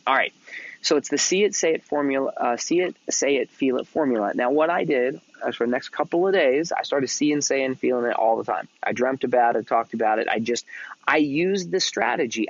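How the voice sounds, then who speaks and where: Energetic middle-aged man telling a motivational story. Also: medium pitch, no echo, highs cut off. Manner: energetic, casual, swears freely, repeats himself. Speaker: mentoring podcast host.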